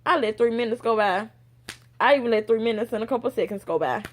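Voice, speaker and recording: A young woman vlogger telling a personal story in a casual, animated way, acting out the voices of others. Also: on the high side, fast talker. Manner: animated, acts out quoted voices.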